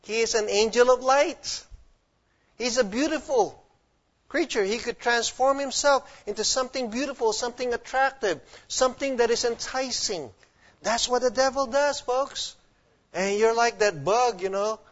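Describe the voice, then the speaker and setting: A man's voice: very high voice, moderate pace. A male pastor preaching a sermon emphatically, often quizzing his listeners with questions. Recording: dull lo-fi recording.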